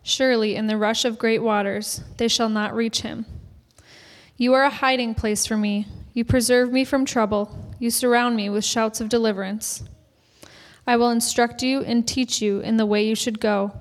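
A woman reading scripture aloud in a measured, solemn way. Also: on the high side, steady tone. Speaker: scripture reader. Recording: reverberant church hall.

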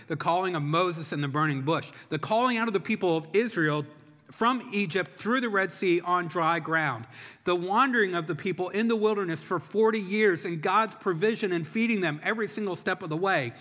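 A middle-aged man delivers a sermon in a bright, slightly high voice, telling the story in an easy, conversational way. The long reverb of a large hall echoes around his words.

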